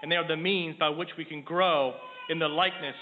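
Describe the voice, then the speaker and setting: A middle-aged man preaching a sermon in a measured, earnest way, raising his voice when he reads scripture. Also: fairly high pitch, fairly even intonation, music in the background. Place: church sanctuary. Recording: tinny lo-fi sound in a long-echo hall with faint noise.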